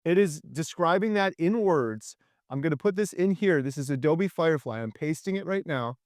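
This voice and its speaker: Middle-aged man, channel host, enthusiastic and animated, slightly high voice, dry close sound. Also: normal speed, dry recording. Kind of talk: casual video chat.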